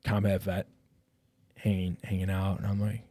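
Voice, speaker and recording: On a casual podcast, a retired police officer in middle age tells a personal story, profane and lively, performing the lines of everyone in it. His voice sits low at normal speed, recorded without room sound.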